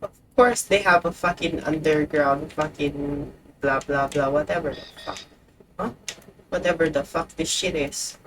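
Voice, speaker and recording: A woman's voice: deep voice, unhurried, slight background noise, rough recording. A woman streamer chatting casually while she plays a game, swearing often and talking to the characters on screen. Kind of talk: casual gameplay commentary.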